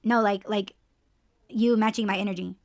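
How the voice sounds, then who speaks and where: A woman hosting a casual podcast chat, talking in an excitable, expressive way and laughing often. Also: medium pitch, moderate pace, dry recording, studio quality. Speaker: podcast host.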